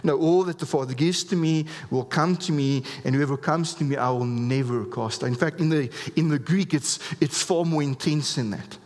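A man's voice: on the high side, moderate pace, few pauses, darkish tone. Earnest man preaching in a reverberant hall. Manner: earnest, emphatic preaching with frequent restarts. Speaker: pastor. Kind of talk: sermon.

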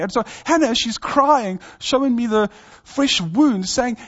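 A man's voice: high-pitched, animated, normal speed, dull audio. A man in his thirties, a pastor giving an earnest, conversational sermon and telling a family story. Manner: earnest, conversational preaching with personal stories.

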